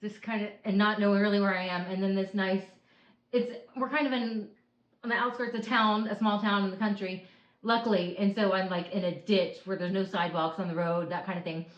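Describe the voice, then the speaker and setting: A woman's voice: medium pitch, steady tone, brisk. A woman in her thirties or forties vents at length from her couch, rambling and sighing as she talks to her viewers. Her voice sits mid-range for a woman, with a roomy echo around it. The home recording sounds dull and lo-fi. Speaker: vlogger. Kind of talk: candid personal vlog.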